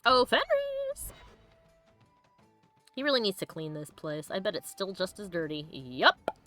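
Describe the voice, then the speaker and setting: A woman's voice: on the low side, big pitch swings, normal speed, pushed and bright, faint music behind. A sniffly woman hosting a let's play, chatting in a bubbly, giggly way with her viewers over gameplay. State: sniffly, congested. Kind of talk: casual gameplay commentary.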